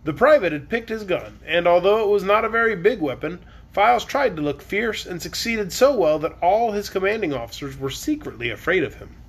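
High-voiced man reading a bedtime story. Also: expressive, fairly quick. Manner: casual, chatty asides between chapters. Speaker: storyteller reading a children's book. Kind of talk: bedtime read-aloud on a live stream.

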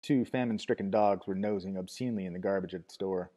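A man reading a novel aloud as narrator, at a steady measured pace with small restarts. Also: sits low. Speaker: audiobook narrator.

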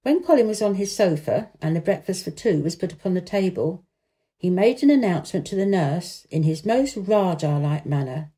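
Expressive woman reading a storybook. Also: lowish voice, moderate pace. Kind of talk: reading a children's classic aloud.

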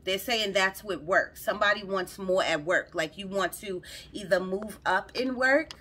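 Bright-voiced woman giving a chatty tarot reading. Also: mid-range voice, normal speed, slightly rough. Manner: chatty, rambling, repeats herself, addresses viewers directly. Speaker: tarot reader. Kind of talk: casual spoken tarot reading to camera. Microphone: phone.

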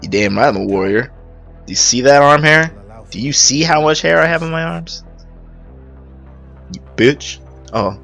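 A young man doing let's-play commentary, loud and profane, breaking into squealing outbursts and jokes. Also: on the high side, lively intonation, normal speed, gravelly, pauses often, faint music behind. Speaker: gaming YouTuber.

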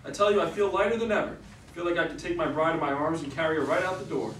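An actor reading the part of an eager newlywed husband in a plain stage-reading delivery. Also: male voice, a little high, fast talker, a bit bright, a little hiss or hum, natural voice. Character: cheerful young newlywed husband. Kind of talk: reader's theater stage reading. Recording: echoey hall from far off.

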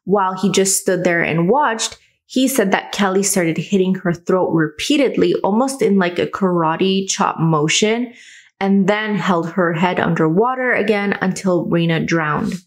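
A woman hosting a true crime channel, earnestly retelling a case and adding her own comments. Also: fairly low pitch. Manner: earnest, adds personal comments.

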